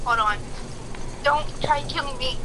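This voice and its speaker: A woman playing a game with a friend, quick to protest and exasperated at being teased. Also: high-pitched, background noise. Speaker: co-player. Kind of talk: casual gameplay chat.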